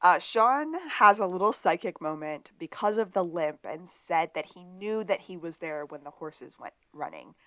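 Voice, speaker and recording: A woman's voice: fairly low pitch, lively intonation, normal speed, few pauses, fairly bright tone, no room sound. A woman co-hosting a podcast, recapping a TV episode in a matter-of-fact, dry way. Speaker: podcast co-host. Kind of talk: casual episode recap chat.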